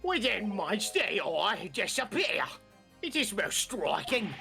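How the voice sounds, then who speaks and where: A man voicing a stately Victorian British gentleman in a fan dub of a game, with a put-on British accent that drifts as he goes. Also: high voice, very animated, gravelly, soft background music, pitched above the performer's own voice, exaggerated voice. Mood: grim. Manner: measured, formal, theatrical.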